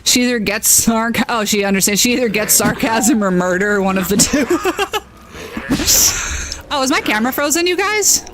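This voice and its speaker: A woman's voice: fairly high pitch, expressive, moderate pace, a bit bright, a little hiss or hum. A nasal-voiced woman casually chatting with her viewers while she streams a game, self-deprecating and exasperated by technical trouble. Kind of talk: casual live-stream chat while gaming.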